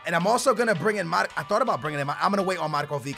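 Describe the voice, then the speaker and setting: A young man commentating his own football video game, muttering plans quietly, then shouting in outbursts. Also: high-pitched, lively intonation, racing, creaky, soft background music. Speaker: gaming YouTuber. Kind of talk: excited gameplay commentary.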